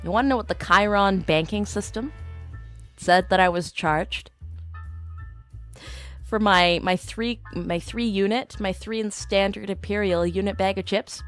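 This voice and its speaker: A woman's voice: medium pitch, unhurried, soft background music. A young woman streamer casually telling an exasperated travel story, acting out the voices of the people she met. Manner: animated, exasperated storytelling with acted-out dialogue.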